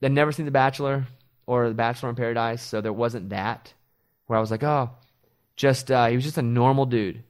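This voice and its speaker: Animated male radio host telling stories. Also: mid-range voice, a little fast, smooth. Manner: animated, storytelling with quoted voices. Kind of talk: casual chat.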